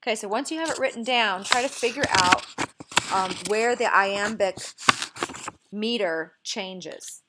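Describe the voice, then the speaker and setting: Lady teacher walking students thru poetry meter, patient, keeps checking in, mid-pitched voice. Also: unhurried, heavy background noise. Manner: patient, explanatory, checks in with okay. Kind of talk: recorded literature lesson.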